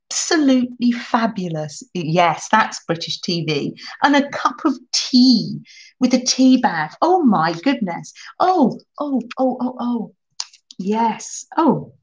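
A woman hosting a live crafting stream, chatting warmly with viewers and answering their comments as she works. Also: fairly high pitch, dull audio. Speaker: crafting channel host.

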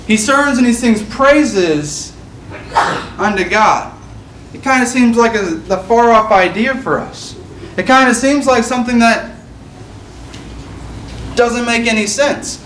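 A man's voice: very high-pitched, slow, pauses often, a bit bright, a little hiss or hum. A man preaching an earnest sermon, reading scripture aloud and restating it in plain words. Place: church sanctuary. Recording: echoey church room, mic at a distance.

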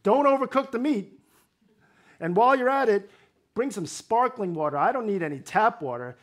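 A man's voice: high-pitched, animated, moderate pace, pitched above the performer's own voice. A man voicing a bossy, demanding male prophet in a mock-imperious, comic way.

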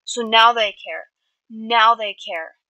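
A woman's voice: mid-range voice, fairly even intonation, fast, bright, forceful tone, no echo, highs cut off. A woman voicing an angry, sullen teenage boy who speaks curtly in a storybook reading. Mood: snappish. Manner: snapping, curt.

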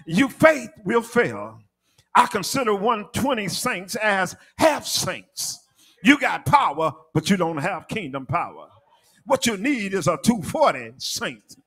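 Male preacher, high voice, rhythmic sermon delivery, sung and shouted peaks. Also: very animated, slow, husky. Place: church.

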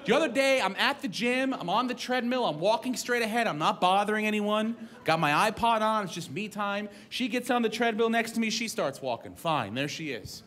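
A man's voice: high voice, a bit bright. A male stand-up comedian from New York with a New York accent, ranting in a profane, exasperated way and acting out bits of dialogue. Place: comedy club stage before a live audience. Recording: live club recording with crowd and room noise.

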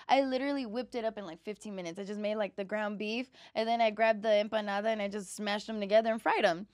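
Woman, podcast host, brash, swearing, loud laughs, higher voice, dry close sound. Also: steady tone, quick pace, hardly any pauses, no echo. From Puerto Rican family. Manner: brash, swears freely, bursts into big laughs. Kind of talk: casual comedic chat.

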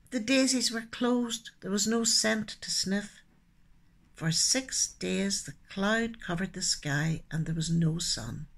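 A woman telling children's stories expressively, dropping into soft hushed asides. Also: medium pitch. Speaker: storyteller and poet. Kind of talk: children's storytelling.

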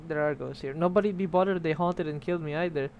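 Young man, gaming streamer, casual chatter, slightly high voice, faint background noise. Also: fast, a little mellow, muffled recording. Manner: chatty, swears, reads game text aloud. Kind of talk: casual let's play commentary.

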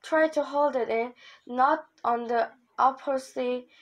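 A female reader voicing a blunt, fussy man in a storybook, reading slowly. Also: high-pitched, highs cut off.

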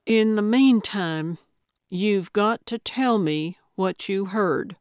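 A woman's voice: mid-range voice, slow, darkish tone, dry recording, clean studio sound, close to an everyday voice. Woman voicing a feisty elderly lady sleuth.

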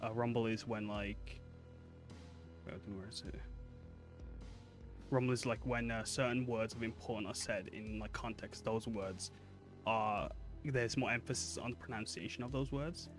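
A man's voice: lowish voice, fairly even intonation, normal speed, pauses often, music in the background. A man running a tabletop game as game master, who explains at length with many "like"s and laughs easily.

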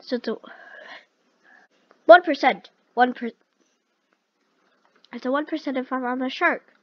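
A woman hosting a gaming video, talking through each move aloud and easily alarmed, often repeating "no, no, no" in quick streams. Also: high-pitched, no room sound, muffled recording. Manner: chatty, talks through every move aloud. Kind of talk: let's-play game commentary.

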